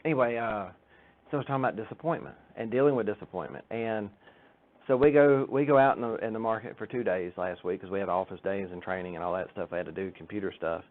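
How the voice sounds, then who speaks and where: A man's voice: lowish voice, fast. A man giving an informal church talk, chatty and joking, acting out the people in his stories. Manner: chatty storytelling with jokes and acted-out quotes. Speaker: church speaker. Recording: tinny phone-like sound.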